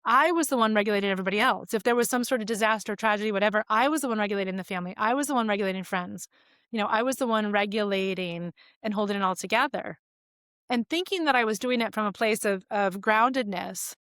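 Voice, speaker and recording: A woman's voice: mid-range voice, quick pace, fairly bright tone, no echo, clean studio sound. A woman in her forties, a podcast guest, telling personal stories in an open, reflective, conversational way. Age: 40s. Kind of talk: casual conversation.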